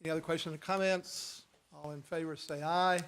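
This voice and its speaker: This is a man running a formal board meeting, moving quickly through motions and votes. His voice sits a little high. A faint hiss runs beneath the recording. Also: steady tone, a bit bright. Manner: brisk and procedural. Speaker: board chair.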